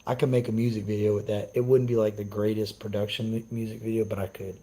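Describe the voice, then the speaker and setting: A man's voice: fairly low pitch, level tone, fast, warm tone, low-quality recording. A young man on a casual live stream, ranting brashly and cursing as he answers his chat. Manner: profane, brash, trash-talking.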